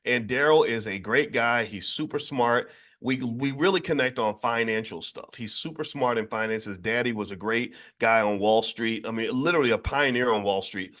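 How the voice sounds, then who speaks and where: A man's voice: medium pitch, moderate pace, hardly any pauses. Emphatic man hosting a morning talk. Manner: emphatic and animated, with many restarts. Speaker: host of a daily morning show. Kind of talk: casual monologue commentary.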